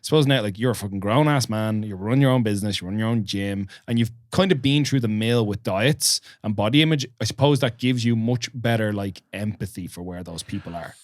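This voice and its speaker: A man hosting a podcast, chatting in a relaxed, reflective way and thinking aloud with some casual swearing. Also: fairly low pitch, fairly quick, few pauses, no echo, studio quality. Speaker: podcast host.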